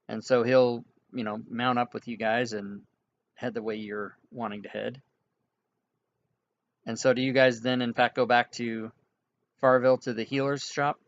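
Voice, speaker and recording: A man's voice: medium pitch, flat delivery, normal speed, pauses often. Rambling game master man, dull audio. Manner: casual, rambling, many fillers and restarts. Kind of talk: narrating an online tabletop game.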